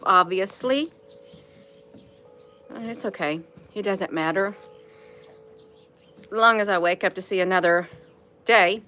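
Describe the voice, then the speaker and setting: A bright-toned woman with a lilt, talking to viewers in a relaxed morning livestream. She is folksy and encouraging and calls everyone honey, over a faint bed of music. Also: medium pitch. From Indiana, USA. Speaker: livestream host. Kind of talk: casual morning livestream chat.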